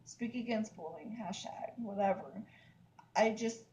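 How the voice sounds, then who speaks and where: A woman's voice: mid-range voice, measured pace, darkish tone, rough recording. A woman, venting in a casual vlog, emphatic and repetitive, with lots of "like, seriously.". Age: 30s. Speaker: vlogger. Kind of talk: upset casual rant to camera.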